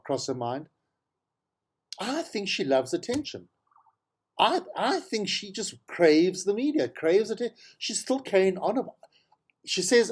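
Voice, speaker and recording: A man's voice: high voice, sing-song, a little slow, slightly rough. Sarcastic South African man on politics. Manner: exasperated, sarcastic, repeats himself for emphasis. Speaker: talk show host. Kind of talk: opinionated political commentary monologue.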